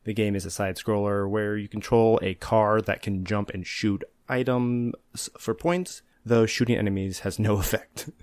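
An easygoing young man with a lowish voice, co-hosting a relaxed podcast. He explains things plainly and chuckles now and then. His voice is recorded close and dry. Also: moderate pace, hardly any pauses, clear, resonant tone, no room sound. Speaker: podcast co-host. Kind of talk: casual podcast chat and reading info.

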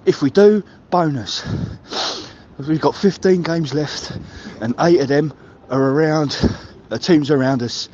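A man's voice: fairly high pitch, slow pace, a little mellow, muffled recording, a little hiss or hum. A man leaving a voicemail, ranting and swearing about his football team. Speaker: caller. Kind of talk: voicemail rant.

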